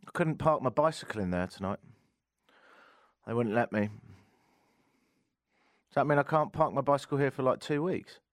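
A man's voice: medium pitch, moderate pace, long pauses, no room sound, clean studio sound. A man hosting a radio show, chatting in a cheeky, jokey way with his co-host. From England. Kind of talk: casual comedic radio chat. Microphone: studio microphone.

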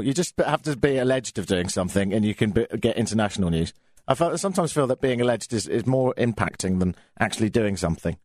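Lively sardonic English radio host. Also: male voice, lowish voice, fast, no echo, clean studio sound. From England. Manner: chatty and sardonic, with frequent fillers and jokey asides. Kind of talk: casual comedic radio monologue.

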